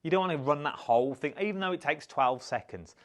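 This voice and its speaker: Chatty British shopping-show host. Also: male voice, a little high, animated, quick pace. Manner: chatty, upbeat, reads out viewer comments. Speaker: shopping channel presenter. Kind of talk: live craft shopping show.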